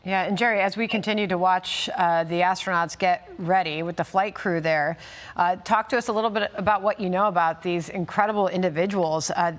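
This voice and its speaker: A woman hosts a live news segment. She asks her questions in a smooth, conversational way. Her voice sits in the middle of the usual range. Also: medium pitch. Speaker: news anchor.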